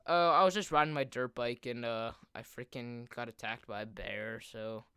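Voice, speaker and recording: A man's voice: mid-range voice, moderate pace, bright, forceful tone, smooth, no room sound, clean studio sound, voice pushed down, lightly acted. A teenage boy mimicking a boastful schoolmate who brags and makes excuses. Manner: bragging, offhand.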